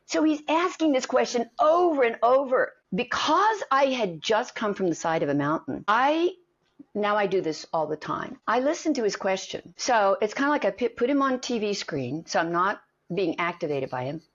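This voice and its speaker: A middle-aged acting coach tells stories in conversation, animatedly performing the voices of the people in them. Her voice is mid-range and husky at a moderate pace, on a dull lo-fi recording.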